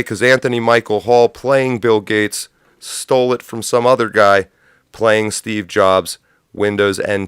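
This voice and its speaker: A man's voice: fairly low pitch, fairly bright tone, clear, resonant tone, dry recording, clean studio sound. A man hosting a livestream, delivering sardonic, profane political commentary full of absurd tangents. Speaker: livestream host.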